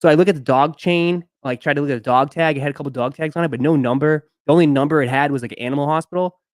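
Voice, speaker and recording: In clean, echo-free studio sound, a young sneaker live stream host talks very fast in a voice on the high side. He chats casually and wanders through a long, rambling story packed with fillers.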